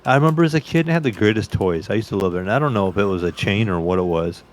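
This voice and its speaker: Man podcast co-host, low voice, quick talker, easygoing casual chat. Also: animated.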